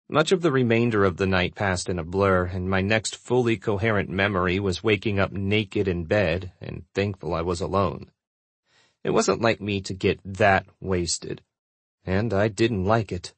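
A man narrating a first-person audiobook in a steady, relaxed storytelling manner. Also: low-pitched, normal speed, no room sound.

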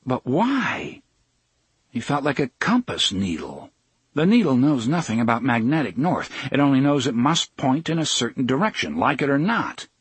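A man narrating a novel in a measured, steady storytelling manner. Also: medium pitch, husky, dry recording. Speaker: audiobook narrator. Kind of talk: scripted narration.

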